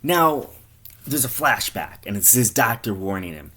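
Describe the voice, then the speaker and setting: Man improvising a comic tale, low voice, rambling and sweary. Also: sing-song, a little slow, pushed and bright, husky. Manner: rambling, profane, offhand. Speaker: comic storyteller. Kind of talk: improvised comedy storytelling.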